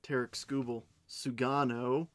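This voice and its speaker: A man's voice: mid-range voice, little pitch movement. Chatty man opening cards live. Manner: chatty and unhurried, reading out names as he goes; playful self-mocking asides. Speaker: card break host. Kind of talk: casual live card-opening commentary.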